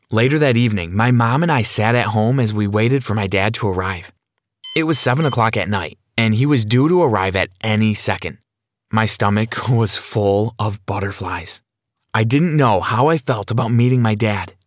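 A man narrating a scripted first-person story in a steady, even reading. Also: fairly low pitch, no echo, clean studio sound.

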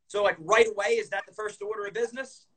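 A man's voice: sits high, steady tone, quick pace, pushed and bright, a little hiss or hum, low-quality recording. A man hosting a casual interview, eagerly reflecting the guest's points back and stressing their value. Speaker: podcast host.

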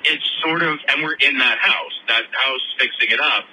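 A man calling in over a noisy phone line. He tells a personal story in a bright, forward tone, rambling with many fillers and restarts. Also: mid-range voice, moderate pace. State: choked up. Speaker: caller.

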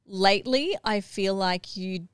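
A woman's voice: medium pitch, a little slow, clean tone, no room sound, clean studio sound. A woman in her thirties co-hosting a casual chat podcast, teasing and laughing often. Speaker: podcast co-host.

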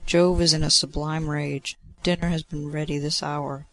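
A man voices a harried male messenger god, brisk and reproachful. The voice is slightly high and gravelly. It is a storybook reading. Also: flat delivery, fairly bright tone, no room sound.

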